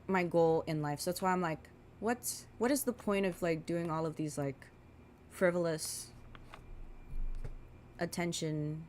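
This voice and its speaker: With a lowish voice and a little hiss or hum in the background, this twenty-something woman vlogger does her makeup while ranting casually. She rambles and swears, packing her talk with fillers.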